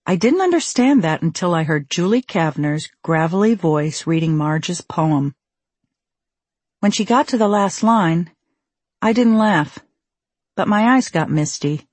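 A woman's voice: lowish voice, expressive, slow pace, a little mellow, breathy edge, dry recording. Wry woman narrating her memoir. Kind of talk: audiobook narration.

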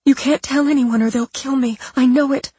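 Pushing her voice up to an extremely high pitch, a performer plays a scheming young woman who pretends to be terrified on the phone, sobbing and pleading in a trembling tone. It's animated, at normal speed, with no room sound, the panic entirely fake.

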